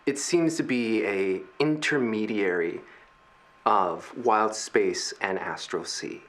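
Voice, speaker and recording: Brief: man, tabletop game master, slow measured narration, bright tone. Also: fairly low pitch. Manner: slow, measured scene-setting with pauses.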